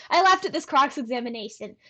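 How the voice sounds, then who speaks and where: A high, bright-toned young woman chats playfully with her live stream audience as she reads a novel aloud. She giggles easily and tosses in internet slang between passages.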